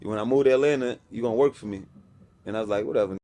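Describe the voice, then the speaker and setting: Rapid-fire and warm, this medium-pitched male voice belongs to a New York-accented music executive from Brownsville, Brooklyn. Appearing as a podcast guest, he tells a story in loose slang, imitating the people he quotes.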